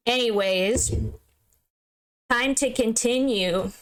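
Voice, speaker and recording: Slow, smooth-voiced young woman gamer. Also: on the high side, a bit bright. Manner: giggly, playfully dramatic. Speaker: game streamer. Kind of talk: casual let's-play commentary.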